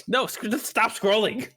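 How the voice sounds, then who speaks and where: A man co-hosting a podcast in casual chat, animated and joking, swearing casually. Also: high voice, slow pace. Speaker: podcast co-host.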